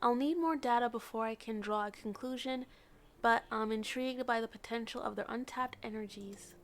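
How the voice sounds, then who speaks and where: A woman's voice: fairly high pitch, normal speed, natural voice. A woman reading an eager, curious female scholar's game lines aloud in her own voice. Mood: intrigued.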